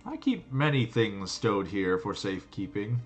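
A man's voice: lowish voice, sing-song, a little slow, faint music behind. A man voicing a stern male dwarf who guards a vault of dangerous books, speaking in a grave, formal way.

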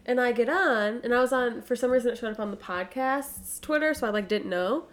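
A woman in casual podcast chat with friends, voice sitting a touch high. She tells stories briskly and acts out the lines of the people in them. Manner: animated storyteller, acts out quotes. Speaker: podcast co-host.

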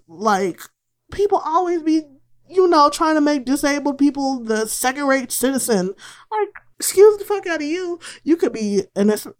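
Profane, sarcastic young woman recapping. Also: a little high. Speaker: host. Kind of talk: casual movie recap.

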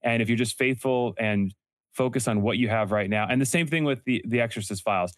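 A man's voice: medium pitch, dry recording, studio quality. A young man telling stories earnestly in a casual interview, often correcting himself mid-sentence. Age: young adult. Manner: earnest storytelling, quick self-corrections. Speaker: podcast host and entrepreneur guest.

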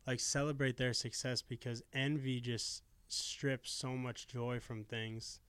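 A man's voice: mid-range voice, fairly even intonation, slow, a bit bright, clean tone, no room sound. A man in his twenties, a podcast guest talking in a casual, earnest and reflective way and swearing now and then. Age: 20s.

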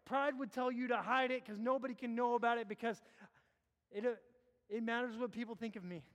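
A man preaching a sermon as a pastor, impassioned, swinging between loud urging and low hushed appeals. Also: fairly even intonation, a little fast. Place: church sanctuary. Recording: long hall reverb.

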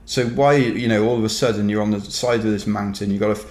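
A man's voice: on the low side, fairly even intonation, quick pace, darkish tone. A Welsh man telling a rambling, wry story in casual chat, dotted with "kind of" and "you know". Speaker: ultrarunner guest. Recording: roomy echo.

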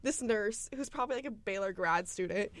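A woman's voice: mid-range voice, lively intonation, fairly quick, fairly bright tone, no room sound. A young woman, telling a funny story as a podcast co-host and laughing often. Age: young adult. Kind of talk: casual storytelling chat.

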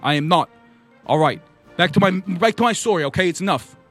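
A man's voice: high-pitched, lively intonation, a little fast, a bit bright, soft background music. A man putting on the voice of a cranky older Vermont politician in a comedy story bit, ranting with stammering repeats. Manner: ranting, blustery, repetitive stammering. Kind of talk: comedy story bit, Bernie Sanders impression.

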